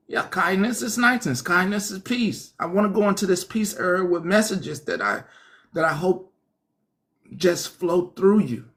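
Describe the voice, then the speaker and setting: Man preaching on a stream, high-ish voice that jumps all over, laughs a lot, slips into whispers. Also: moderate pace. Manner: animated, laughing, mimics others in whispers. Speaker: online pastor. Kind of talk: casual preaching livestream.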